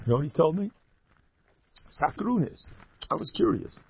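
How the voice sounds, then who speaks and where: An older man, a rabbi, giving a Torah lecture full of stories, acting out the people he quotes with sudden high, loud bursts. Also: moderate pace, creaky, husky. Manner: animated storyteller, jumps high when acting out quoted voices. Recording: dull lo-fi recording.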